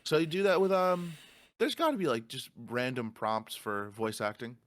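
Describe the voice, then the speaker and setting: A man's voice: medium pitch, moderate pace, no room sound. A man co-hosting a podcast in casual chat, swearing freely and ranting through stories. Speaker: podcast co-host.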